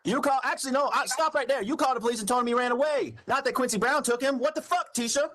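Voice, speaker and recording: A man in a heated phone argument, yelling, cursing and accusing the other person of lying. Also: very high voice, fast talker. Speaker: caller on a recorded phone call.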